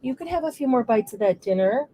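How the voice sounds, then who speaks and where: A woman's voice: fairly high pitch, lively intonation, fast, warm tone, a little hiss or hum. A woman hosting a live crafting stream, chatting casually as she works. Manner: chatty, coos baby talk to her dog. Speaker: crafting show host.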